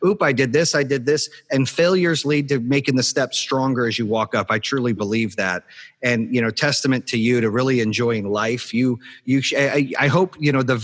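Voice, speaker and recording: A man's voice: mid-range voice, a bit bright. A man hosting a podcast interview, speaking in an encouraging, motivational way in casual chat. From Arizona, USA. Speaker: podcast host.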